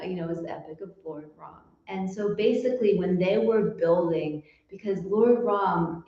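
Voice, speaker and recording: A woman's voice: lowish voice, darkish tone. A woman giving a casual devotional lecture, telling stories in a chatty way full of fillers, in a temple hall. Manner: chatty, lots of fillers, storytelling. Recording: echoey hall, distant mic, dull sound.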